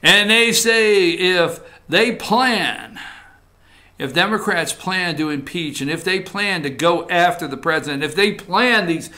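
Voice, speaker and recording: An animated man hosting political commentary with a high-pitched voice. His tone is bright and forceful, mocking as he talks and dropping into muttered asides. He speaks in a casual, offhand way. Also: measured pace. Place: studio.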